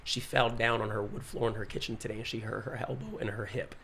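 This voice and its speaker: A man, a pastor, telling a story in casual podcast chat, animated, acting out the quotes and saying "bro" often. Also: fairly low pitch, quick pace.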